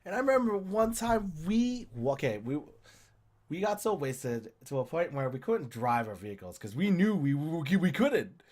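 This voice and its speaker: A man's voice: on the high side, normal speed. A young man from Canada telling a rambling drinking story in casual chat, swearing and acting out what he said. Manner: animated, swearing, telling a drunk story with voiced quotes. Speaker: podcast co-host.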